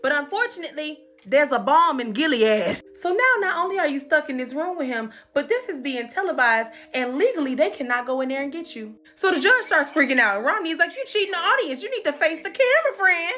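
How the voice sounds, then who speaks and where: A woman tells a comedic recap in a sassy, animated voice that is high and swings widely in pitch. Her tone is bright and sharp, and she drops swearing asides. Faint music runs underneath. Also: a little fast, few pauses.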